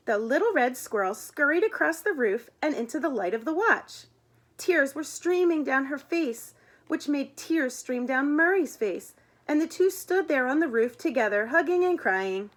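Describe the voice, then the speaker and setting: A woman's voice: high voice, moderate pace. Woman reading a children's storybook aloud. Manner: expressive, voices the characters, chats about the pictures. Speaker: reader of a children's book.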